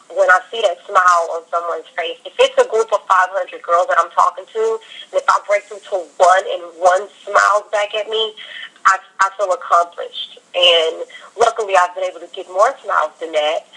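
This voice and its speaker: A woman singer in a casual interview, talking in an upbeat, heartfelt way and telling lively stories. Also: lowish voice, rough recording.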